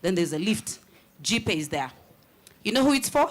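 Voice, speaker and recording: A woman's voice: medium pitch, very animated, moderate pace, a little hiss or hum. A woman acting as master of ceremonies, giving chatty, joking directions to delegates. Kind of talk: event announcements.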